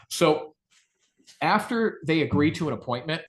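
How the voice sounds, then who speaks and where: A man teaching phone sales, acting out calm rebuttals in a lowered voice. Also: a little slow. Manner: lively, acts out calm low rebuttals. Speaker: sales trainer. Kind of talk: sales training talk.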